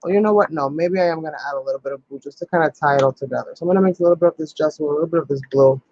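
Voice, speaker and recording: A man hosting a casual crafting tutorial, talking his steps through out loud with plenty of ums. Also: a little high, racing, highs cut off. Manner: chatty, thinks aloud with many ums. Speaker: crafting channel host.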